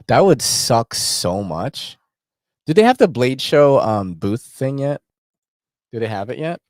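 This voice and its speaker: A man's voice: mid-range voice, very animated, takes it slowly, pauses often, dry recording. Man, knife vlogger, casual rambling chat, slangy, swears often, dry close sound.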